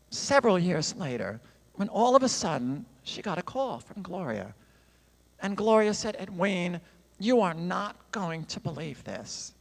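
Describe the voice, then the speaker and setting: A man's voice: high-pitched, fairly bright tone. A man, a songwriter and guest speaker, telling a story in a conversational sermon style in a church sanctuary. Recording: long reverb in a large hall.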